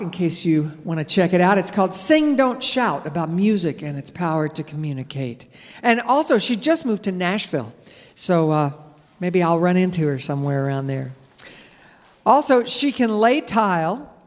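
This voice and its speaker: A woman's voice: on the low side, big pitch swings, moderate pace, some chatter behind. A woman radio host chats through introductions and station credits from a theater stage. Her voice rings with a long reverb, and a faint audience murmur sits underneath. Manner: friendly, chatty introductions. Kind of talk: live radio announcing.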